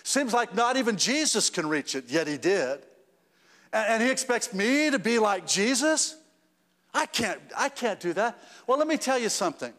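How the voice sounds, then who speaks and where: A man's voice: high-pitched, fairly bright tone. Man preaching in an echoing hall. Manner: conversational, repeats and restarts, rises to emphatic peaks. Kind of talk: sermon. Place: church sanctuary.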